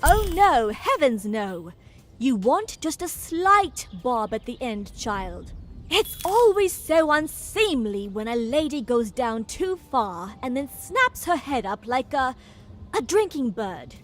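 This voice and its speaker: A woman's voice: high voice, sing-song, slow, heavily acted. A fussy, genteel noblewoman. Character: fussy etiquette-obsessed noblewoman. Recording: game audio with music behind.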